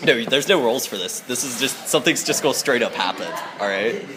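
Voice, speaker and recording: A man's voice: mid-range voice, animated, a little fast, crowd noise. A man narrating as game master in a loose, casual way, laughing often.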